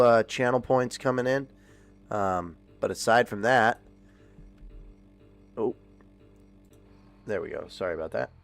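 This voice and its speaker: A man casually chatting to his viewers as a game streamer, rambling with lots of fillers and restarts. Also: medium pitch. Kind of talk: casual livestream chat.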